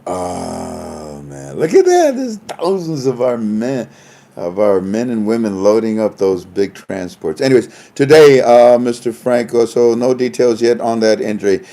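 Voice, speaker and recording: Man with a mellow voice, chuckling commentary. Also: medium pitch, very animated, measured pace, creaky. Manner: chuckling asides, trails off and restarts. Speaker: online commentator. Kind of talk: casual livestream commentary reading reports. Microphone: phone.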